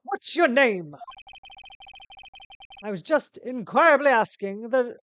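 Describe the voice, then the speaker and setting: A woman's voice: a little high, animated, takes it slowly, fairly bright tone, a little hiss or hum, voice pushed up. A woman putting on a pompous British company boss. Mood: haughty. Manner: grandiose, showy, affected word choice.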